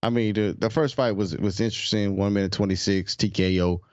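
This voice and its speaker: A man's voice: lowish voice, steady tone, a little fast, darkish tone, no room sound, dull audio. A man co-hosting a podcast in casual sports chat, laid-back and slangy, often restarting his sentences. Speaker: podcast co-host.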